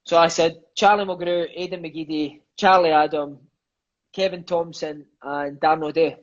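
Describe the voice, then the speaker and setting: His voice is a little high with fairly even intonation, and the audio is dull. He's a Scottish podcast guest in his thirties, an eager, fast storyteller who curses freely and keeps dropping "aye" and "mate" into casual conversation.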